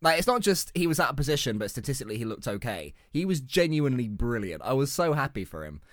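A man's voice: mid-range voice, big pitch swings, fast, no echo. Man, wry teasing chat, dry close mic. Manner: wry, self-deprecating, teasing. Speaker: podcast co-host, voiceover artist. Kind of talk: casual chat.

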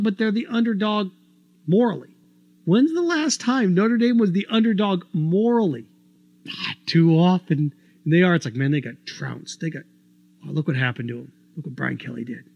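A man's voice: high voice, creaky, dry recording, lo-fi sound. A man hosting a sports talk show, delivering an opinionated monologue full of rhetorical questions. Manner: argumentative, rhetorical questions, animated.

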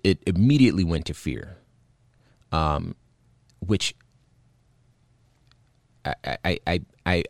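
A man's voice: deep voice, dry recording, clean studio sound. A man hosting a show, recounting a video in earnest, indignant commentary with many fillers and restarts. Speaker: podcast host.

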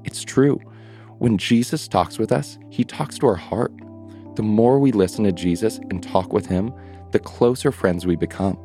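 Man telling a kids bedtime story, lowish voice, gentle, soft music behind. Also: normal speed. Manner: gentle, addresses children with questions.

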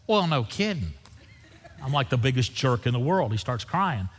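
Guy preaching in a church, husky voice, lots of reverb, acts out the story. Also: medium pitch, moderate pace. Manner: animated storyteller acting out dialogue. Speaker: pastor. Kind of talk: sermon with storytelling.

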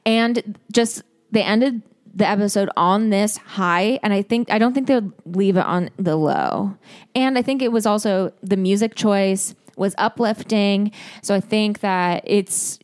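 A woman's voice: mid-range voice, a little slow, clear, resonant tone, no echo, studio quality. A young woman co-hosting a podcast, chatting casually and acting out quotes, saying "like" a lot. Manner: chatty, heavy use of "like", acts out quotes. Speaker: podcast co-host. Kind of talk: casual chat recapping a reality show. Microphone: podcast mic.

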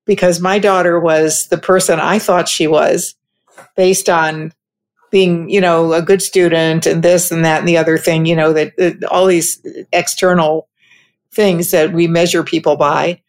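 Low creaky woman in thoughtful chat. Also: little pitch movement. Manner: thoughtful, personal storytelling with pauses. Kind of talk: casual reflective conversation.

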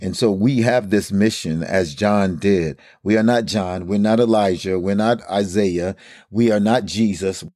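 A man with a very deep, low voice leads a Bible study chat, earnest and preacherly, stacking phrase after phrase. The sound is close and dry, with no room around it. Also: a little slow, warm tone, no echo. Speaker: co-host of a Bible study talk. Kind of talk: casual Bible study discussion.

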